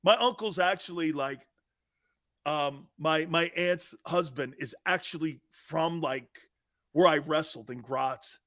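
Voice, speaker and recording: A middle-aged man hosting a sports talk show in casual chat, laughing often and breaking into loud outbursts. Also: on the high side, takes it slowly, no room sound, clean studio sound.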